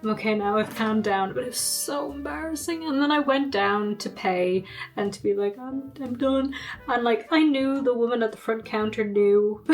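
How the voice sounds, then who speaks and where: A young woman vlogging in a casual, chatty way, laughing often and poking fun at herself. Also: medium pitch. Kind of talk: casual vlog chat. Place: at home.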